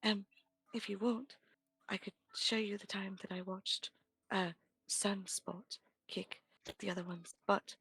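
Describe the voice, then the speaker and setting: A woman's voice: steady tone, takes it slowly, gravelly, slightly rough, heavily acted. Woman doing a shy psychic girl, whispered role-play, hesitant. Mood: hushed. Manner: low hushed whisper, hesitant. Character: timid young woman with mind powers.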